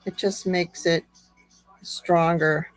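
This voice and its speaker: A woman with a slightly squeaky voice, chatting through a card-making tutorial step by step. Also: little pitch movement, rough recording. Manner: unhurried, chatty step-by-step explaining. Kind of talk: craft tutorial narration.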